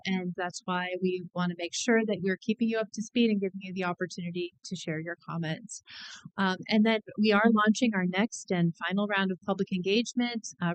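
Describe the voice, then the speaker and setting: A woman's voice: medium pitch, clear, resonant tone, low-quality recording. A woman consultant presenting an upbeat plan update to a county committee, friendly and full of fillers. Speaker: planning consultant. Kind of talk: public meeting presentation.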